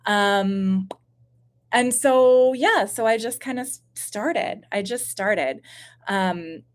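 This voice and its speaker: A YouTube channel host in her thirties chats slowly on a home live stream at an ordinary middle pitch, with slight stuffiness from postnasal drip. She rambles through viewer questions, using fillers and self-mocking asides.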